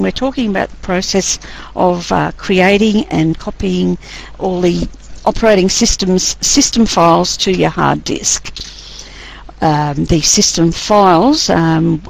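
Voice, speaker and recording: A woman's voice: fairly low pitch, creaky, low-quality recording. A woman lecturing a class, running a chatty, teasing quiz and laughing often.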